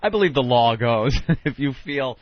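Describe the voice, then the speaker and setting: A man co-hosting a talk radio show, telling stories in an animated, profane way from a studio microphone. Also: mid-range voice, moderate pace, no room sound. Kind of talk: casual talk radio banter. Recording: dull, lo-fi dry studio sound.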